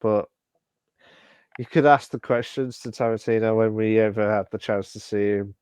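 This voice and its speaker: Smooth-voiced man chatting casually. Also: lowish voice, steady tone, darkish tone, no room sound. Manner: halting, many fillers and restarts. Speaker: podcast co-host. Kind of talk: casual live-stream podcast chat.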